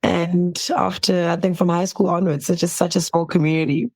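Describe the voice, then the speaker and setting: A woman's voice: on the low side, moderate pace, no room sound. A young woman doctor from South Africa, talking about her path in an interview, reflective and laughing often. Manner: warm, laughs often, animated quoting. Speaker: guest, medical doctor. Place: at home.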